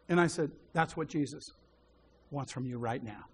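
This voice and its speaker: A man preaching a sermon, telling a story and acting out the voices in it, dropping to a hushed voice when he quotes a prayer. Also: on the high side, moderate pace, slightly rough. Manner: animated storyteller who acts out the dialogue.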